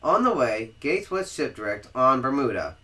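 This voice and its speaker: A Southern American man reads a history book aloud on a casual podcast, stumbling over words and restarting. His voice is bright and lively, moving freely up and down in pitch. The tone stays informal and chatty. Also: a little slow. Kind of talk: casual read-aloud with banter.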